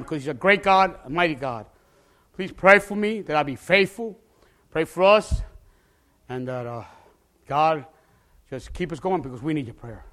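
A male pastor preaching a testimony with passion, often bursting into shouts and repeating words as he starts a phrase. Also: on the high side.

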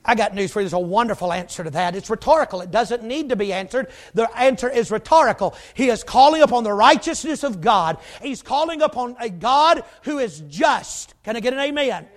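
A preacher with an unusually high voice delivering a sermon. He is folksy and emphatic, with joking asides, and often swells to shouting. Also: animated, a little fast, few pauses.

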